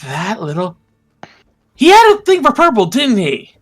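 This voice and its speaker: A man's voice: high-pitched, huge pitch swings, a little slow, fairly bright tone, soft background music, pitched above the performer's own voice, full character voice. A man playing a blunt, sardonic adventurer who mutters asides.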